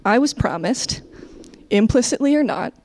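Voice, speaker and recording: A woman's voice: on the high side, lively intonation, normal speed, darkish tone. A young American woman doing a stand-up comedy set over a webcam, chatty and self-deprecating, often laughing as she talks. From United States. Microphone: webcam, leaning in and out.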